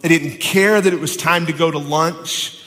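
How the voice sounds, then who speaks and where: A male pastor preaches with a slightly high voice that rings out in a long hall reverb. He jokes and teases in quick asides, then slows right down to repeat his key lines with weight. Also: fairly even intonation, pushed and bright. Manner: playful, teasing asides then slow emphatic repetition. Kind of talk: sermon.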